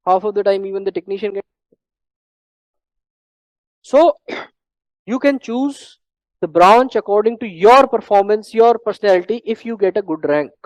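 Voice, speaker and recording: Dry, throat-clearing Indian English teacher. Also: mid-range voice, a little mellow, dry recording, low-quality recording. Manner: repetitive, emphatic, frequent throat clearing. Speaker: medical entrance exam teacher. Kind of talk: classroom lecture.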